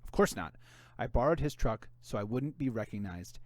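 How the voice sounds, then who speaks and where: A man's voice: medium pitch, animated, normal speed, no room sound, close to an everyday voice. Man voicing a secretive, tearful mother. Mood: evasive. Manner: evasive, curt.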